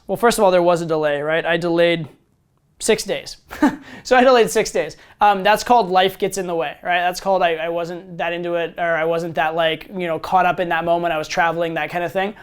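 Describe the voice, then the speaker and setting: Man, fairly high voice, smooth and clear, casual coaching talk, reads texts aloud. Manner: explains step by step, reading out texts; casual, full of fillers and "right?". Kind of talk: instructional monologue.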